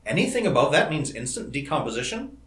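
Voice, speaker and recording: Cautious male colleague, man reading, steady and measured, echoey recording. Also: fairly high pitch, heavy background noise. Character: calm, cautious male scientist friend. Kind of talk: audiobook character reading. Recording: roomy echo.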